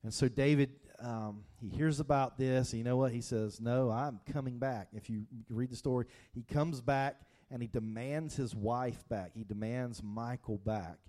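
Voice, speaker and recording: A man preaching a sermon in a relaxed, talk-to-you way, with plenty of restarts and asides to the congregation. His voice is mellow and dark, and his pitch sits in an ordinary middle range. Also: a little slow, hardly any pauses. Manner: conversational, with frequent fillers and restarts, addresses congregation directly. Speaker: pastor.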